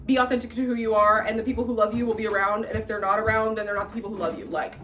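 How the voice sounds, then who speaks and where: A woman's voice: a little high, fairly even intonation, very fast, a bit bright, a little hiss or hum. A woman in her late twenties giving blunt life advice in a casual vlog, emphatic and given to repeating her points. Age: late 20s. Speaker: vlogger.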